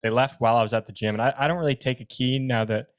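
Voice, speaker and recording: A young man co-hosting a casual chat, reacting quickly and chattily, with slang and the odd swear. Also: mid-range voice, fairly even intonation. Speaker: podcast co-host.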